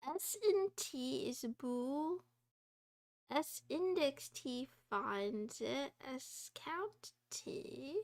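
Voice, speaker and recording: A woman thinking aloud while she works through a coding exercise on a quiet live study stream, halting and muttering, often half-whispered, with nervous laughs. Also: sits high, lively intonation.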